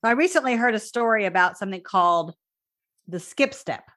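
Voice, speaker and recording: A woman's voice: medium pitch, animated, fairly quick, fairly bright tone. A woman hosting a casual podcast interview, asking friendly, curious questions. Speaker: podcast host.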